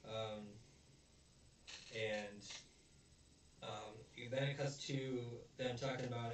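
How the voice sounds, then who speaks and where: A man's voice: lowish voice, flat delivery, takes it slowly. Rambling man recapping a film in an echoey room. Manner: rambling, searches for words, acts out quotes. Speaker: video host, film reviewer. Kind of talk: casual chat. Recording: very echoey room, distant mic, faint noise.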